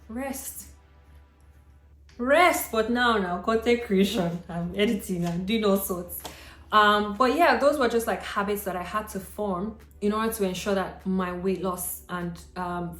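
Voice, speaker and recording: A young woman vlogs in a casual, chatty way and cheers her viewers on, calling them girl and sis. Her voice sits at an ordinary middle pitch. The room is echoey, with faint music under her. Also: fairly bright tone. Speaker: lifestyle vlogger. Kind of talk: casual talk to camera. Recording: roomy echo with faint music.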